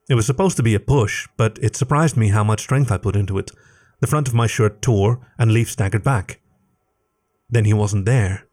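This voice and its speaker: A man narrating a first-person story in a steady, measured reading voice. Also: on the low side. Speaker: story reader.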